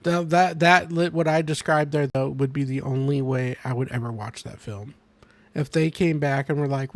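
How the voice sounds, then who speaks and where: A man's voice: medium pitch, normal speed, no room sound. A young man hosting a casual podcast chat, rambling with lots of fillers and restarts. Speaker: podcast host.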